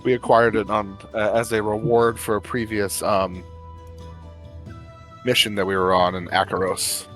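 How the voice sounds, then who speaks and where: A man's voice: on the low side, little pitch movement, normal speed, a bit bright, faint music behind. A man playing a tabletop game, talking casually and hesitantly, with many fillers. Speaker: player.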